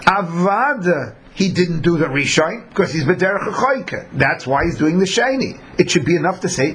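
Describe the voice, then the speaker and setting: An animated male Talmud teacher lectures with a pitch that jumps around widely. His voice sits a little high, with a faint hum of noise behind it. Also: moderate pace, few pauses. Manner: animated, acts out the people in his examples.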